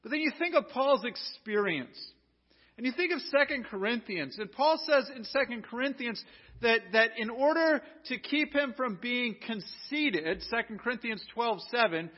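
American male pastor, high voice, earnest sermon with restarts, muffled lo-fi recording. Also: lively intonation, normal speed. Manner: earnest, rhetorical questions, frequent restarts. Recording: dull lo-fi recording.

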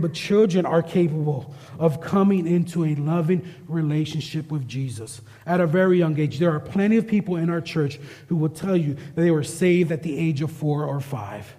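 A man's voice: fairly high pitch, warm tone, in a large hall. A male pastor and parent preaching a sermon, emphatic, often repeating his key phrases. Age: adult parent. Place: church sanctuary.

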